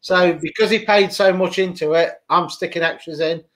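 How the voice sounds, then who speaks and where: Male host, high-pitched, casual group-call chatter, laughs easily. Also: fairly even intonation, moderate pace, a bit bright.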